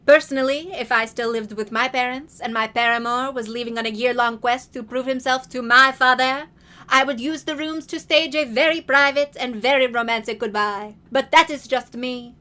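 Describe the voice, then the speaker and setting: A woman's voice: high-pitched, steady tone, normal speed, sharp tone. A woman voicing a grand, theatrical old royal grandmother in a haughty, dramatic delivery.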